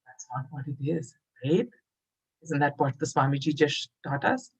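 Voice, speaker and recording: A woman telling a moral story in a lively, conversational way, talking straight to her listeners. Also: low voice, normal speed, slightly rough, low-quality recording. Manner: animated and conversational, addresses listeners directly. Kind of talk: storytelling for children.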